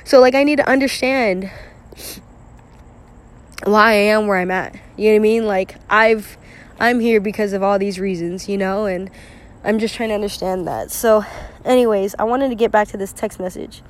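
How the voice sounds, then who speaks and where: A woman's voice: medium pitch, moderate pace. A young woman talking through her feelings alone to camera in a rambling, emotional monologue, full of "like," swearing, sighs and nervous laughs, close to tears. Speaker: vlogger.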